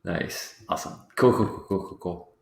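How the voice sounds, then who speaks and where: A man playing a tabletop game, chatting casually in a rambling, apologetic way and correcting himself often. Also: moderate pace. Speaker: player. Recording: echoey room.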